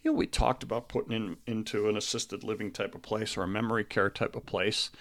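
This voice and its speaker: A middle-aged man hosting a podcast, speaking about a recent loss in a halting, earnest way, grieving and close to tears. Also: lowish voice, steady tone, a bit bright. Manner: halting and earnest, with many restarts. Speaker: podcast host. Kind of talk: personal monologue.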